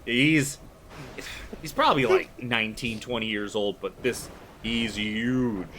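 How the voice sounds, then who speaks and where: A man's voice: mid-range voice, slow pace, a bit bright, a little hiss or hum. A man running a tabletop horror game, narrating loosely with lots of "like" and fillers. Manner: loose, filler-heavy storytelling with frequent "like". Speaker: game master.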